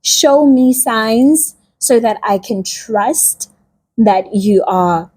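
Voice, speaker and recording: Nervous young Moses, put on by a woman tells a bible story in a raised, pleading voice. He stammers and begs in loose slang, his tone husky and unhurried. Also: fairly high pitch, a little mellow, exaggerated voice.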